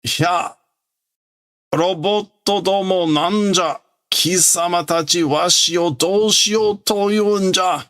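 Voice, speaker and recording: A man's voice: high voice, takes it slowly, fairly bright tone, voice pushed up. A man voicing a frantic, possessive old male villain who shrieks in flustered outbursts while reading from a comic book.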